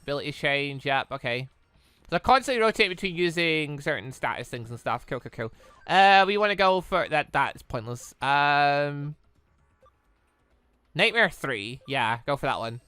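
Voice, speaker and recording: Animated, swearing gaming commentator. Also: male voice, fairly high pitch, moderate pace, clean tone, dry recording, soft background music. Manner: exasperated, swears often, talks to the game. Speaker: gaming YouTuber. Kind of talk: let's-play commentary.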